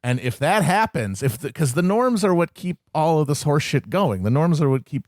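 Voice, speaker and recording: A man co-hosting a podcast, arguing political points in quick, profane explanations. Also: fairly high pitch, expressive, a little mellow, no room sound, studio quality. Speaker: podcast co-host. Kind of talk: casual political banter.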